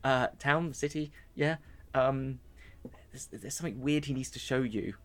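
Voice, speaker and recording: A man playing a fussy, flustered fellow who trips over his words and keeps correcting himself. His voice sits at an ordinary middle pitch, and the pace is busy and restless. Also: measured pace, lightly acted. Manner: rambling, stammering and self-correcting.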